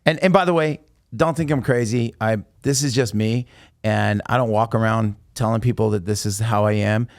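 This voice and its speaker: Animated man telling stories, dry sound. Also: lowish voice, normal speed, no room sound. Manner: animated, emphatic storyteller. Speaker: podcast guest. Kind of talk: casual storytelling.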